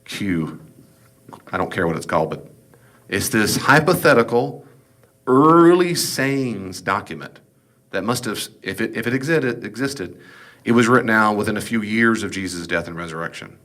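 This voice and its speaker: Guy with a lowish voice giving a loose rambling bible lesson, jokes on the side. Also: expressive, moderate pace, fairly bright tone. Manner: folksy, digressive, joking asides. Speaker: Bible teacher. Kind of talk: informal classroom Bible lecture.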